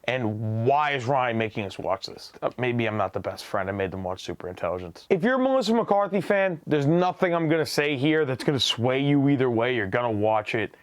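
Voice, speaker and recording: A man casually reviewing a film, with a sarcastic, joking delivery and deadpan asides. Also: mid-range voice, brisk, few pauses, dry recording, studio quality. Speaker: movie reviewer. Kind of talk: casual movie review vlog.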